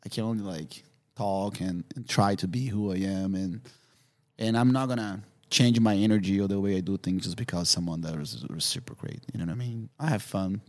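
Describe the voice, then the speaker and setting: A man with an English, his voice sitting a bit low. He tells stories as a podcast guest, animated and quick to laugh, padding his sentences with "you know what I mean". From Brazil. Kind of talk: casual storytelling.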